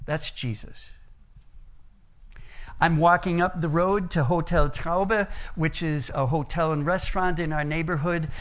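A man's voice: fairly high pitch, fairly even intonation, unhurried. A middle-aged American man preaching a sermon, telling personal stories in an earnest way. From United States. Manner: earnest storytelling, varies loudness and pace.

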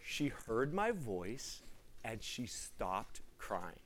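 A young man preaching a sermon through a personal story, animated, acting out the people in it and dropping to a hush at tender moments. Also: mid-range voice, extremely slow, a little hiss or hum. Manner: animated, acts out the people in his stories; laughs between lines, drops to a hushed tone for tender moments.

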